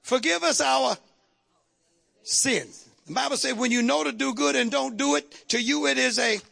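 A man preaching a sermon to his congregation, calling out to the crowd and shouting at the peaks. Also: very high voice, moderate pace, creaky, breathy edge. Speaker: pastor. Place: church sanctuary.

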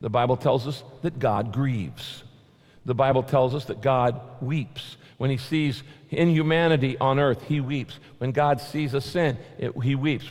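Guy preaching a sermon, mid-pitch voice, punchy and repetitive, big hall echo. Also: a little mellow. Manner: emphatic, repetitive preaching with sudden rises. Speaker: pastor. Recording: long hall reverb.

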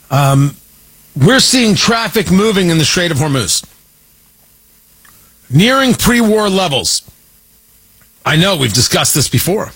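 A man's voice: high-pitched, a bit bright, slightly rough. A man delivering an emphatic, sarcastic political commentary monologue, hammering his points through repetition.

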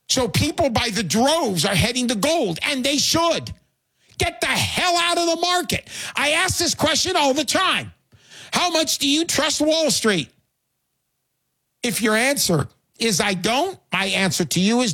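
A man's voice: high voice, a bit bright, slightly rough. A man hosting a call-in radio show, talking in a brash, jokey, salesy way.

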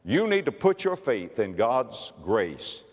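Emphatic preacher in a reverberant hall. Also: male voice, lowish voice, big pitch swings, slow. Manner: emphatic, pleading, swelling to loud exhortation. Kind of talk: evangelistic sermon.

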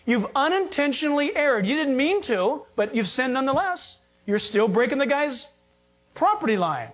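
A middle-aged male pastor preaching a sermon to a congregation, animated and exhorting, with rhetorical questions and jokes. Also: very high voice, normal speed.

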